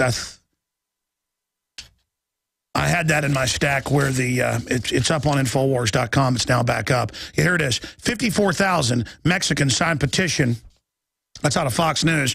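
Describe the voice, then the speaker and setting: A middle-aged man hosting a political talk radio show, ranting urgently and reading headlines aloud in quick bursts. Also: medium pitch, creaky, a bit bright, no room sound. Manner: urgent, alarmed, rapid-fire ranting.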